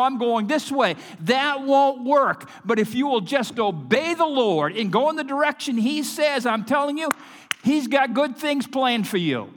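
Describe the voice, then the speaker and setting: A man preaching a sermon as pastor, emphatic, swinging between loud and hushed delivery. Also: extremely high pitch, long reverb tail.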